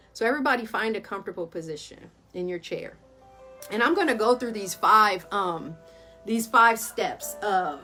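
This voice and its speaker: A woman therapist and yoga teacher talks listeners through a mindfulness exercise in a relaxed, chatty way. She calls everyone "y'all" and laughs easily as she goes. Soft music plays faintly in the background. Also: mid-range voice. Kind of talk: casual guided mindfulness talk.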